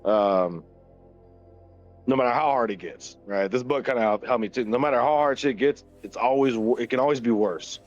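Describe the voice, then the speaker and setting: Over soft background music, a podcast co-host in his thirties speaks at normal speed in a mid-range voice. He casually and loosely retells a story, swearing nonstop and laughing often. The audio comes across dull, dry and lo-fi.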